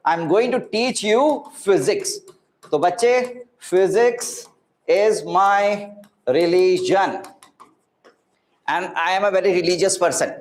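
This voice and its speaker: A man in his thirties with an Indian accent teaching a live online physics class, chatty and encouraging, mixing Hindi words into his English. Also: high-pitched. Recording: echoey room.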